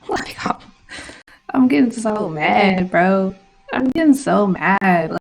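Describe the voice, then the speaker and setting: A woman's voice: mid-range voice, expressive, slow, vocal fry, long pauses, low-quality recording. A woman vlogging her trades in casual live commentary, slangy and irritated, swearing often. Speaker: trading vlogger.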